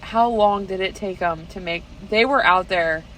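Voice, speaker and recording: A woman in casual chat, telling lively stories and acting out what people said. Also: mid-range voice, normal speed, a little hiss or hum, rough recording. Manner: lively storyteller, acts out quotes. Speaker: trapper.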